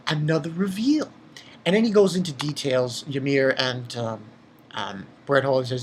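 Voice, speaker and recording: A man casually reviewing a manga chapter, excitable, swearing freely and reading scenes aloud. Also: a little high, moderate pace, slight background noise.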